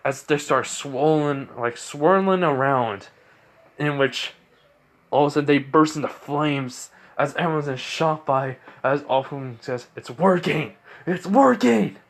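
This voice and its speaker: A man's voice: medium pitch, measured pace. A man narrates an improvised fan-fiction story in a loose, rambling way. He stops often to correct himself and fills gaps with "basically" and "you know.". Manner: rambling, many fillers and self-corrections.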